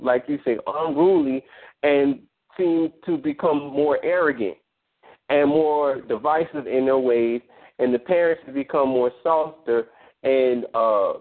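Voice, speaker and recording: A man moderating a call-in line, talking casually with lots of uh and um and restarts. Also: mid-range voice. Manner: rambling, full of fillers and restarts. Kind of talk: casual phone-in discussion. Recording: tinny phone line.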